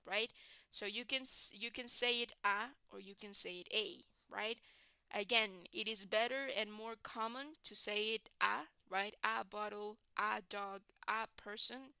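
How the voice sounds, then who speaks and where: Woman teacher, talks real slow, bright clear voice, keeps saying right guys. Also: medium pitch, no room sound. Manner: repeats "right, guys?" often, restarts and repeats words. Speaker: English teacher. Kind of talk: slow classroom explanation.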